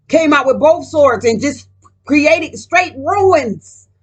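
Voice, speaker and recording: A woman's voice: high voice, normal speed. A woman vlogger talking casually while reading tarot cards, profane and emphatic, rambling and speaking straight to her viewers.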